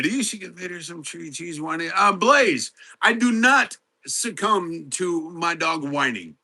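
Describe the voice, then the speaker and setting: A middle-aged man with a high, very bright voice hosts a relaxed live stream. He talks at an unhurried pace, greets his viewers one by one and answers their chat questions. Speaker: livestream host.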